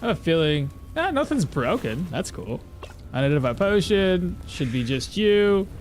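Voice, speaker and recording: A man's voice: high voice, very animated, moderate pace. A man chatting casually on a live stream, talking to himself and answering chat while he plays. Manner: chatty, talks to himself and reads chat aloud. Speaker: game streamer.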